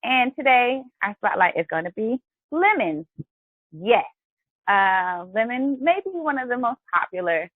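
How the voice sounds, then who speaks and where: A woman's voice: mid-range voice, a bit bright, dry recording, low-quality recording. A woman hosting a live health and wellness show, chatty and encouraging as she talks to her viewers. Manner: chatty and encouraging, often addresses viewers as guys. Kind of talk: upbeat live-stream talk.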